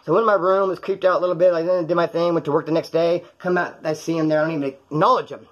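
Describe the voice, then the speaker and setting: A man's voice: fairly high pitch, steady tone, rapid-fire, a bit bright, highs cut off. A man telling a true story from his own life in a casual, rambling, profane way, acting out the voices of the people in it.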